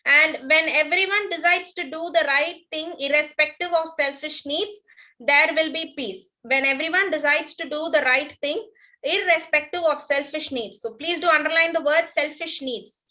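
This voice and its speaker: A woman's voice: high-pitched, normal speed, sharp tone, low-quality recording. A woman teacher with an Indian English accent, giving an online class and patiently repeating each instruction with frequent "okay" and thanks.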